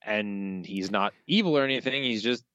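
A man's voice: on the low side, expressive, moderate pace, fairly bright tone, dry recording. Dry, sardonic male podcast co-host. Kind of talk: casual podcast discussion. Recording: dull, lo-fi dry sound.

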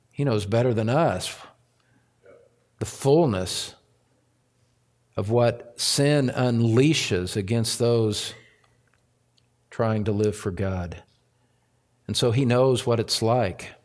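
Slow, impassioned male preacher. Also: mid-range voice. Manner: impassioned preaching, rising to loud emphatic peaks; repeats phrases for emphasis. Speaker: pastor. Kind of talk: sermon.

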